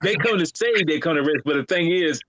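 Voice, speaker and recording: On a dry recording, a man with a slightly high voice talks fast as he co-hosts a podcast and recaps an anime episode. He chats casually as an animated storyteller, laughing often and using fillers.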